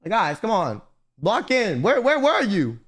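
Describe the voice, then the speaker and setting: Lively young man chatting to his stream. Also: high-pitched, unhurried. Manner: slangy, swears often, animated rants. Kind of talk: casual chat to stream chat.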